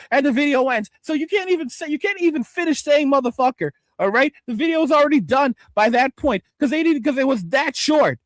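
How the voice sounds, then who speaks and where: High-voiced man ranting and swearing. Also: lively intonation, fairly quick, few pauses, no echo. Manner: loud, exasperated, swearing constantly. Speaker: streamer reacting to videos. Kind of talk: profane reaction rant.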